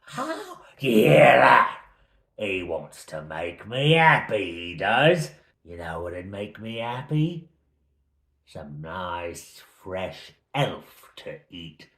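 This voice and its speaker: A deep, slow hungry monster. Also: male voice, huge pitch swings, vocal fry, fairly bright tone, full character voice. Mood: menacing. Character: hungry menacing male monster craving elf flesh. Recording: roomy echo.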